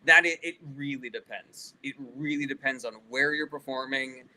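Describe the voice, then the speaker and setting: A man's voice: mid-range voice, moderate pace, bright, forceful tone, poor audio. A male comedian casually answering live chat questions, loose and profane, reading each question aloud before he answers.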